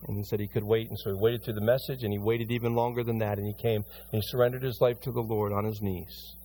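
A middle-aged male pastor delivers an emphatic sermon to his church, his voice at a moderate pitch. He surges into loud, rising bursts and drops to hushed pleading. A faint noise sits under the voice. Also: steady tone, fast talker. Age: middle-aged or older. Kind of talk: sermon with closing prayer. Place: church sanctuary before a congregation.

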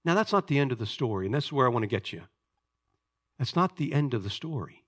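A man preaching a sermon as a pastor, telling a story and swinging from hushed asides to loud, emphatic points. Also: medium pitch, lively intonation, quick pace.

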